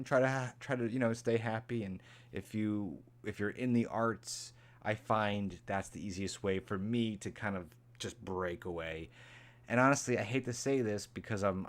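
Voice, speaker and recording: A man hosts a casual live stream, rambling and repeating himself, sometimes switching into a high, mocking voice to imitate angry people.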